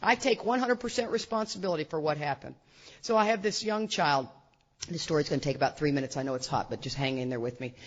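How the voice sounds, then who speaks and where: A middle-aged woman speaking to a recovery meeting as an AA speaker, an animated, self-mocking storyteller full of asides. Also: deep voice, fast. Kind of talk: humorous recovery talk to a meeting. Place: meeting room with audience. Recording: dull lo-fi recording.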